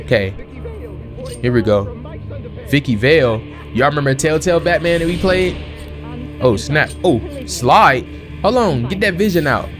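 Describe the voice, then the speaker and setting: A man hosting a let's play, excitable and slangy, exclaiming at the game as he plays. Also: a little high, moderate pace, pauses often. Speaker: gaming channel host. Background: game music and sound effects.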